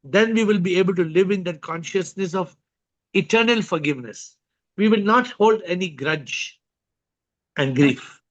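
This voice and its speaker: A man acting as a spiritual teacher on a video call, making measured points and asking rhetorical questions. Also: high-pitched. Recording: dull lo-fi video call audio.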